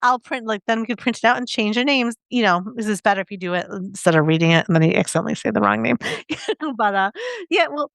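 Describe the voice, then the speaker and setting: A woman's voice: mid-range voice, expressive, fast, a bit bright, dry recording. A middle-aged woman co-hosting a podcast, chatting with enthusiasm and laughing often. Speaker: podcast co-host. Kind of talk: casual chat.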